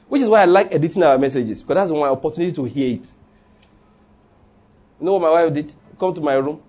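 A man's voice: a little high, lively intonation, brisk, pauses often, a little mellow, husky. A man preaching a sermon in a church, humorous and conversational, leading the congregation in call-and-response. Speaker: pastor.

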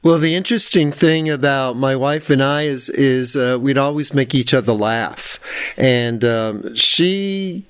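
A man's voice: mid-range voice, a little slow, clean tone, no room sound. Man with a New York accent. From New York City. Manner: laughs while telling stories. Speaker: guest author. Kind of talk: interview storytelling. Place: radio studio.

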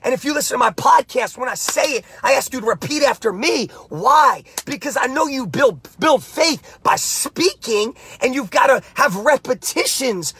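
A man giving a motivational podcast pep talk as a coach, emphatic and repetitive, with shouted bursts. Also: extremely high pitch, expressive, moderate pace, hardly any pauses, a little hiss or hum.

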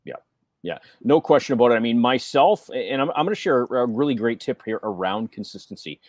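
Man asking lively rhetorical questions. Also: medium pitch, a little fast, no echo, studio quality. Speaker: co-host. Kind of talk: business podcast chat.

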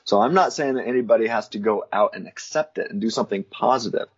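A Christian philosopher, guesting in a casual interview, talks fast in a husky, low-leaning male voice. He works through theology thoughtfully with light laughs between points, heard over dull lo-fi audio.

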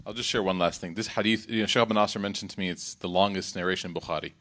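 Man, religious talk, animated, rhetorical, storytelling. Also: low-pitched, slight background noise. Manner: animated, rhetorical, acts out quotes; recites Arabic quotations quickly. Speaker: religious speaker. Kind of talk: Islamic reminder talk.

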